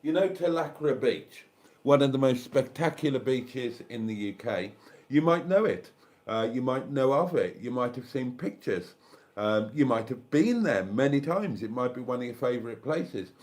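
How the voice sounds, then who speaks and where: A man's voice: medium pitch, animated, moderate pace, darkish tone. An older man with a South Welsh accent, hosting a live stream in casual chat, rambling as he thinks aloud and thanks viewers. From South Wales.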